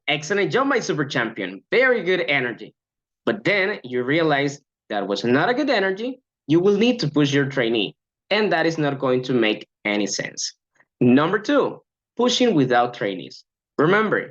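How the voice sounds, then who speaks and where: A man's voice: a little high, very animated, normal speed, dull audio. A man training language coaches in an upbeat lecture, acting out short classroom examples.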